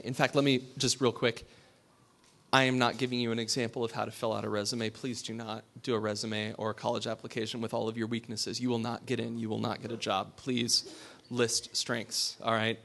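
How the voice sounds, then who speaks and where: A pastor giving a sermon. He talks in a conversational way, asks his listeners questions and drops to a hush for emphasis. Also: medium pitch, little pitch movement, normal speed, gravelly.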